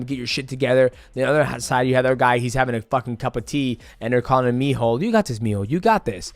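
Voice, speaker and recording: A man's voice: mid-range voice, no echo. A man in his thirties giving a casual, profane fight breakdown and acting out the moves as he explains. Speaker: fight analyst.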